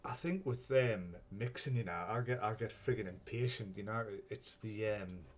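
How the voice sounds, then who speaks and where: A man chats loosely on his own live stream in a lowish voice. He rambles, swears without a second thought and chuckles often while greeting viewers. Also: moderate pace. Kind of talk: casual live-stream chat.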